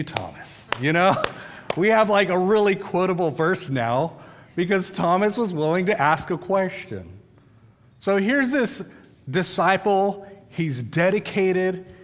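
A man's voice: on the high side, long reverb tail. A man preaching a sermon in a conversational way, asking his listeners questions and acting out the quotes he reads.

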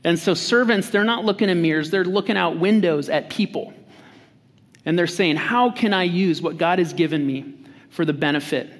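A man with a high voice preaches a sermon in a casual, joking way and acts out the lines he quotes. His words ring out with a long reverb, as in a large hall. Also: normal speed. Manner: conversational and humorous, acts out quotes. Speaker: pastor.

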